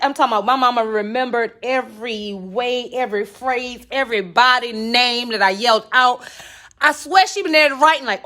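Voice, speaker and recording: Brief: a woman host with a slightly high voice spinning a funny, cuss-filled story for her listeners. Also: moderate pace. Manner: animated, profane, addresses listeners as y'all. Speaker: podcast host. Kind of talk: comic personal storytelling.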